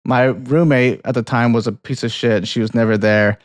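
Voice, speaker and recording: With a mid-range voice, fairly even intonation and normal speed, this young man is recorded at studio quality with no room sound. He co-hosts an easygoing film podcast, chatting about films and rambling through a story full of laughter, free swearing and restarted sentences.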